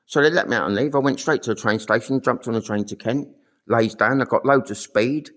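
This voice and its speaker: A man's voice: medium pitch, brisk, a bit bright. A middle-aged man telling his own story in a blunt, sweary, rambling monologue full of fillers. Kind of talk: angry monologue to camera.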